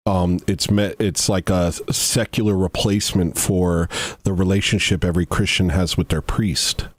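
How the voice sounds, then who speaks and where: A man's voice: sits low, fairly even intonation, normal speed, no echo. A man hosting a satirical livestream, talking in a rambling, self-mocking monologue with mumbled asides. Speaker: comedy livestream host.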